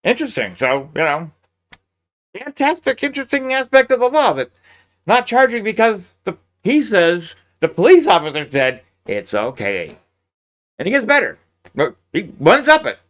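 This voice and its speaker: Man, sarcastic true crime commentary, animated pitch, close mic. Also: moderate pace. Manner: sarcastic, incredulous, laughs often. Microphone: close mic, peaking.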